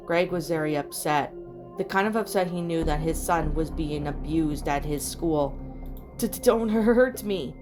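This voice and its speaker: A woman reading fan fiction aloud in a steady, plain storytelling manner, with small slips and rereads. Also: sits low. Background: soft background music.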